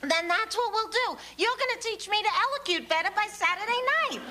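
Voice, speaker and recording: An actress playing a brash, man-hungry single woman with a Queens accent, talking loud and excitable in a sitcom. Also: very high voice, brisk, slight background noise, heavily acted. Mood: brash excited. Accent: Queens New York. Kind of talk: sitcom acting. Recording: sitcom with loud studio audience.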